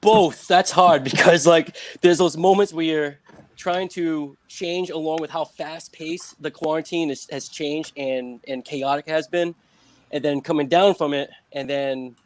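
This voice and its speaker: A man's voice: fairly high pitch, steady tone, measured pace, a little hiss or hum. A man with a New England accent, a guest author in a casual video-call interview, rambling with many fillers and chuckles.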